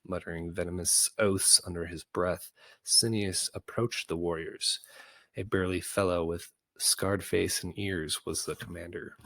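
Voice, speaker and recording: A man's voice: sits low, steady tone, measured pace, a bit bright, no room sound. A man reading a children's novel aloud in a goofy, casual way, with small slips and self-corrections. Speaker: book reader.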